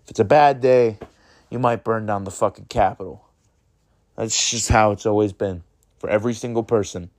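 A man's voice: lowish voice, moderate pace, darkish tone. A man hosting his own podcast, talking in an earnest, rambling way and swearing freely as he urges listeners toward kindness. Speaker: podcast host. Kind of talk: casual motivational monologue.

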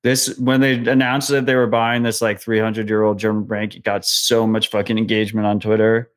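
Blunt, foul-mouthed podcast co-host. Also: male voice, lowish voice, flat delivery, fairly quick. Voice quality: blunt, swears freely. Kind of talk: casual chat.

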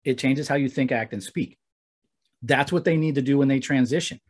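A man's voice: medium pitch, moderate pace. A man in his forties, a guest trainer telling stories in a casual podcast conversation. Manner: storytelling, animated when acting out quotes.

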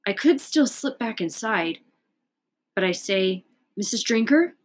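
A woman reading a children's book aloud in a calm, unhurried way. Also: medium pitch. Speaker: storyteller.

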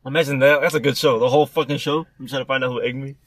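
A man's voice: medium pitch, fairly even intonation, rapid-fire. A young man telling a rambling, profane story in casual chat between friends.

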